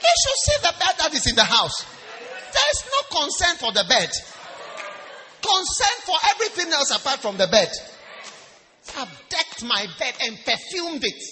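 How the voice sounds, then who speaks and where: Animated high-voiced man preaching a sermon. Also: measured pace. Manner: animated, swings from quiet asides to shouting; humorous, teasing the congregation. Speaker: pastor. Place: church service. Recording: live church with music and a loud congregation.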